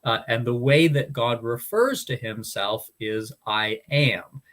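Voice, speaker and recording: A man talks through scripture in a relaxed teaching chat. He is earnest and explanatory, and he often restarts his sentences and uses fillers as he thinks aloud. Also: medium pitch, takes it slowly. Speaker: Bible study podcast host.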